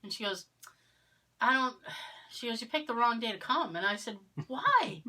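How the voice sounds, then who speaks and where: Podcast co-host, woman from Massachusetts, clear bright tone, a storyteller who acts out the other voices. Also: on the high side, expressive, normal speed. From Massachusetts, near Cape Cod. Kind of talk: casual chat.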